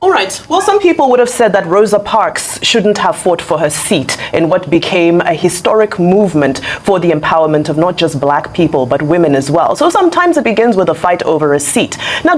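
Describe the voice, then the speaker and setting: Lively-pitched woman interviewer, probing. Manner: probing, articulate. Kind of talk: interview questioning.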